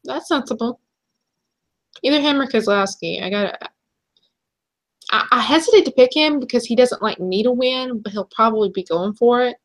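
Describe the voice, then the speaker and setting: A young woman co-hosting a casual chat show, chatty and quick to laugh. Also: on the high side. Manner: chatty, laughs easily, trails off and restarts. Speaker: podcast co-host.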